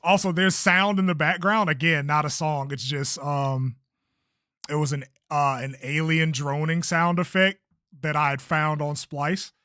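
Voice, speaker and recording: A man's voice: fairly high pitch, steady tone, measured pace, pushed and bright, no room sound, studio quality. A young man chatting casually on a livestream about his own video, laid-back and swearing freely. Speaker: streamer and creator.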